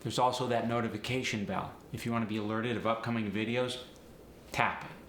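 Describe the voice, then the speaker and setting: A man leads a dialect lesson, explaining each pronunciation point in turn and speaking straight to his viewers. His voice is bright and forward. The recording has a roomy echo with a faint hiss of noise behind it. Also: fairly low pitch, steady tone. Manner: slow, deliberate demonstration of pronunciations; direct, encouraging address to viewers. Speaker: dialect coach. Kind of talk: instructional video narration. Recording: echoey room with faint noise.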